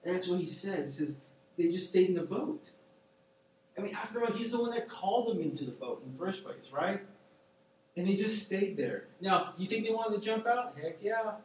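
A man preaching a casual sermon, telling stories and quoting figures in a relaxed, slangy, conversational way. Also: sits high, normal speed. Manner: animated, conversational, slangy storytelling with quoted voices. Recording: echoey room from far off, faint noise.

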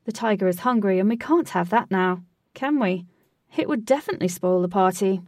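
A woman doing a shy, excitable man. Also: mid-range voice, fairly quick, dry recording, studio quality, far from the mic, close to an everyday voice. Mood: eager. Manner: bashful, then over-eager.

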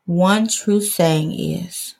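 A woman's voice: fairly low pitch, drawn-out words, vocal fry, darkish tone, breathy edge. A woman from Detroit reading her own memoir aloud, earnest and personal, now and then stepping off the page for a casual aside. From Detroit, USA.

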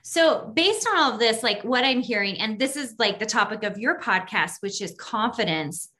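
Woman interviewer, lively pitch, bright tone, chatty filler-heavy questions. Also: normal speed. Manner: animated, peppered with "like". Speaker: podcast host.

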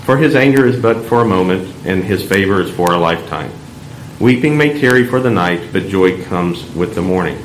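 A man reading scripture aloud in church, measured and solemn. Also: deep voice, animated. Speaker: lector. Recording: echoey church room, faint background hum.

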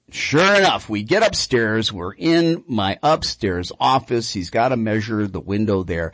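A man hosting a radio call-in show about dog training, telling stories in an animated, chatty way. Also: fairly low pitch, moderate pace, hardly any pauses, no echo.

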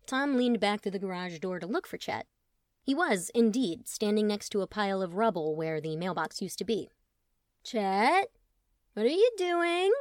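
Casting: expressive woman audiobook narrator, wry, dry close studio sound. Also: mid-range voice, moderate pace, no room sound.

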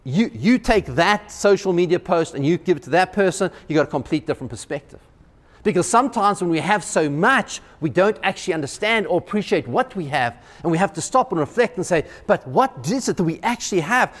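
A male pastor preaching a sermon in a church, animated, often repeating words and acting out quotes. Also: high voice, a little fast, big-room sound.

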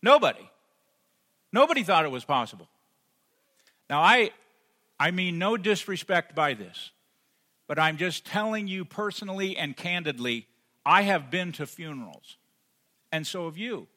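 A man preaching a sermon as pastor, rising to emphatic peaks and then dropping soft and intimate. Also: high voice, unhurried. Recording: long hall reverb.

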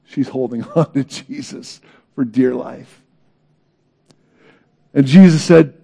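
A man preaching a sermon in an earnest, dramatic way, swinging between loud emphasis and hushed moments. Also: mid-range voice, slow pace, gravelly, long pauses, breathy edge. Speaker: pastor.

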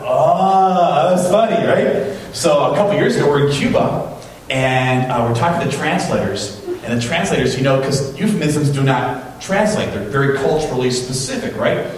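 A man preaches a relaxed, conversational sermon, often tossing in "right?" to the congregation. He is heard from some distance in a very echoey church, with a faint hum underneath. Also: medium pitch, a little fast. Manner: chatty, often asks "right?". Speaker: pastor.

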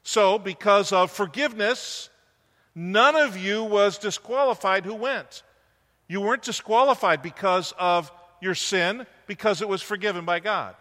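A man with a high, bright voice delivers a sermon to his congregation. He preaches conversationally and puts questions to the listeners. A long reverb from the church hall trails behind his words. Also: measured pace. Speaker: pastor. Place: church sanctuary.

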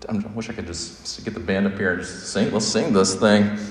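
A pastor in his thirties delivers a sermon in a low-pitched voice, swinging between quick, animated storytelling and slow, weighty emphasis. The sound carries the long reverb of a large, roomy hall. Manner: animated storyteller, sings snatches of a song, slows down for emphasis.

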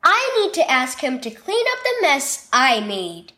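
A woman voicing an older brother in a children's story, speaking quickly and earnestly. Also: high-pitched, huge pitch swings, pushed and bright, full character voice. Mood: apologetic. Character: older brother, a boy babysitting.

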